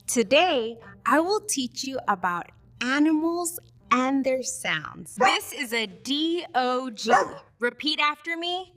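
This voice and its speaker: Woman, kids' teacher, lively sing-song, drawn-out delivery. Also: high voice, soft background music. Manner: sing-song, exaggerated, repeat-after-me delivery. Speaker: children's English teacher. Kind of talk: slow spelled-out teaching for kids.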